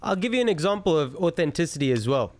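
A young man born in London and raised in South Africa, co-hosting a podcast and telling animated, slangy stories. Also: a little high, fast, dry recording. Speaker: podcast co-host, actor. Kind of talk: casual podcast chat.

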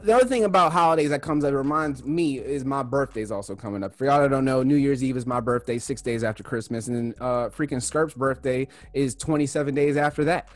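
A young man co-hosting a casual podcast, telling stories with lively acted-out quotes. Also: mid-range voice, brisk, hardly any pauses, no room sound. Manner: animated storyteller, acts out quotes loudly. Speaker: podcast co-host. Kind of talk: casual chat, storytelling.

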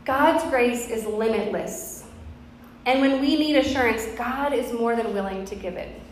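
A woman's voice: on the high side, measured pace. Woman preaching in an echoey church. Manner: earnest, conversational, with personal storytelling. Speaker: pastor. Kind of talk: sermon. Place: church sanctuary. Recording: very echoey hall with faint background noise.

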